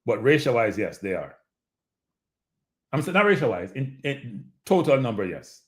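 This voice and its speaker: Speaking at a moderate pace in a mid-range voice, a Jamaican-accented man hosts a live show. His casual live-stream commentary is animated and repetitive, and he calls his audience "people."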